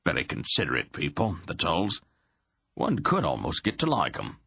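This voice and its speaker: A man doing a practical middle-aged smith with a very deep, gravelly, husky voice. He explains things plainly and with dry understatement, as in an audiobook. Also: huge pitch swings, normal speed, sharp tone, dry recording, exaggerated voice. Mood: matter-of-fact. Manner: dry, matter-of-fact understatement.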